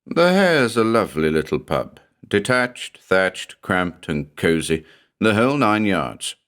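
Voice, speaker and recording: Deep male horror narrator, lively intonation, measured delivery. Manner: measured, dramatic storytelling.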